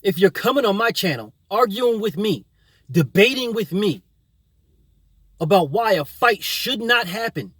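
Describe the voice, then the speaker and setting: A man's voice: sits high, lively intonation, measured pace, a bit bright, breathy edge, no room sound. A man hosting his own boxing channel, delivering a combative, profane opinion rant full of repetition.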